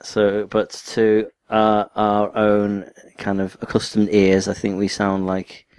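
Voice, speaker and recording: A man's voice: on the low side, monotone, slow, a little mellow, clear, resonant tone, no echo. A young man with a northwest English accent from near Liverpool, co-hosting a podcast in rambling, self-mocking chat. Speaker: podcast co-host. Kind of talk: casual chat.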